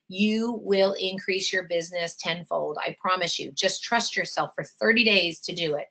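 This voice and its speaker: A woman coaching travel agents in a live online session, energetic and conversational, coaxing her listeners along. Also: mid-range voice.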